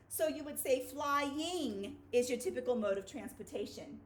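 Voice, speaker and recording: A woman's voice: high-pitched, animated, moderate pace. A woman teacher giving a children's phonics video lesson in an upbeat, playful way.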